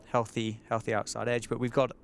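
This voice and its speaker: A man's voice: mid-range voice, little pitch movement, a little fast, vocal fry, slight background noise. A man giving live ball-by-ball cricket commentary, chatty and often asking his co-commentator questions. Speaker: play-by-play commentator.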